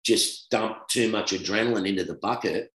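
Speaking at a moderate pace with a fairly low pitch, an Australian man recounts cricket stories as a guest who used to play professionally. It's casual storytelling, animated and laughing, alternating loud and hushed, captured with roomy echo.

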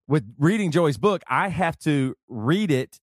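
A man with a Southern accent chats on a podcast in a rambling, excitable way, laughing often. His voice sits fairly high for a man. The sound is close and dry, with no room around it. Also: measured pace, no room sound. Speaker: podcast host. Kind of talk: casual chat.

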